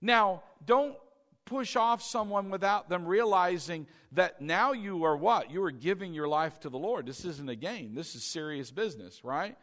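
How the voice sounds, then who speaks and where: A man's voice: high-pitched, fairly bright tone. A male pastor preaching a sermon, leading the congregation to repeat a prayer and answer back. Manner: leads congregation in call-and-response prayer. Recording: long church hall reverb.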